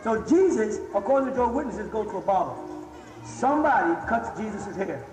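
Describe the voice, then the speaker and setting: A man's voice: sits high, sing-song, fairly quick. A man lecturing an audience on religion, emphatic and constantly checking that the listeners follow him. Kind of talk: live lecture with audience questions. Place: large hall before an audience. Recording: echoey hall, faint music.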